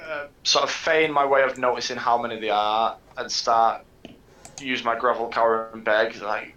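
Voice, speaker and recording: Bright-voiced man in an echoey room. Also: medium pitch, steady tone, normal speed, highs cut off. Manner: laughing, rambling, loose with fillers. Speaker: player. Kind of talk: casual tabletop game talk.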